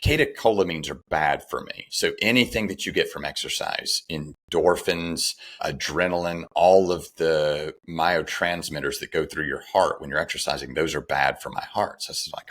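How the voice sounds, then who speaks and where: A man's voice: very deep voice, normal speed, few pauses, fairly bright tone. A middle-aged man, a podcast guest, candidly telling a personal story and retelling the dialogue, with some restarts.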